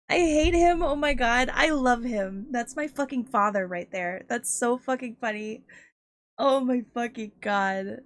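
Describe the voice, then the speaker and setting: Slow-talking giggly woman streamer. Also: a little high, no room sound, studio quality. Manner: giggly, swears freely. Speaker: Twitch art streamer. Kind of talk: casual livestream chat.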